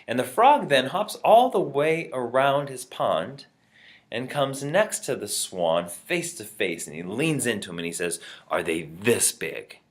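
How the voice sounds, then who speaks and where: A man's voice: mid-range voice, sing-song, unhurried. A man giving a short, upbeat motivational talk, telling a fable in a friendly storytelling way. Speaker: motivational speaker.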